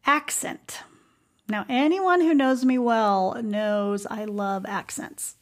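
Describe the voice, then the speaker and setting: A woman hosting a podcast, talking in an earnest, reflective way about music and life, with soft asides. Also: medium pitch, slow. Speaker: podcast host.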